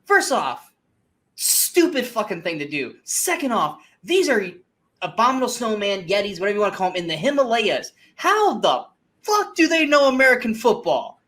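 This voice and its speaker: A man's voice: high-pitched, sing-song, normal speed, sharp tone. A man co-hosting a movie podcast, ranting emphatically and swearing in casual review chat.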